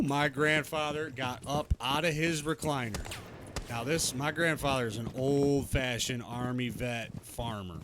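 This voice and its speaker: A man streaming a tactical shooter, telling stories in casual chat and swearing freely between callouts. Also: medium pitch. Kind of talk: casual gaming chat and storytelling. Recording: noisy game stream audio.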